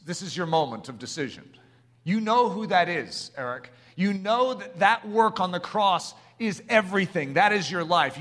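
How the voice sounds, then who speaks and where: A middle-aged man preaching a sermon, passionate and building to emphatic shouts. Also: high-pitched.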